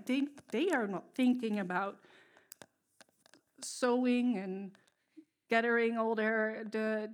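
A woman whose first language is not English, preaching a sermon from a stage in an earnest, emotional way, with pauses and restarts. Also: on the high side, darkish tone. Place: stage before an audience.

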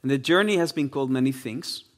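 A man's voice: medium pitch, fast. A man preaching a sermon, speaking emphatically and repeating key phrases for effect.

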